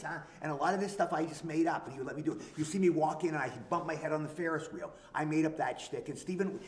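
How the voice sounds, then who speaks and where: Fast-talking older actor in an echoey room. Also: male voice, on the high side, slight background noise. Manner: animated, tells anecdotes and acts out bits. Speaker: actor guest. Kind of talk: convention interview storytelling. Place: convention hall, live stream.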